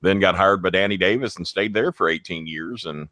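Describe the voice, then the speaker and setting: A man hosting a podcast in casual chat, boastful and quick to laugh. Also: sits low, sharp tone, dry recording. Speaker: podcast host.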